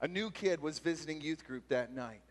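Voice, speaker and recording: A youth pastor giving an animated storytelling talk at a youth retreat and shouting out the punchlines. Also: male voice, a little high, normal speed. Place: large retreat meeting hall. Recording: long hall reverb from a live talk.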